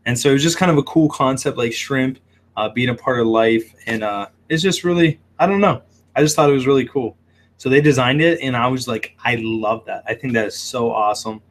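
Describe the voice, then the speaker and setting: A man with a mid-range voice, speaking a little fast, runs a shrimp shop and hosts a casual livestream. He hiccups while reading viewer comments aloud, using lots of fillers.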